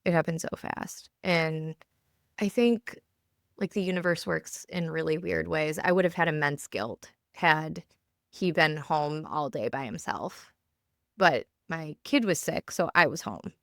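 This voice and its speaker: Low-voiced woman talking, halting and dry. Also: creaky, fairly bright tone, no echo. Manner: halting, full of "like" fillers and restarts. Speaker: podcast co-host. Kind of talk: casual chat. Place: home basement.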